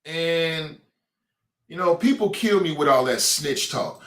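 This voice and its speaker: Blunt streetwise talk show host. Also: male voice, a little high, very animated, moderate pace, bright, forceful tone, echoey room. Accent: Cincinnati. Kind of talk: casual opinion monologue.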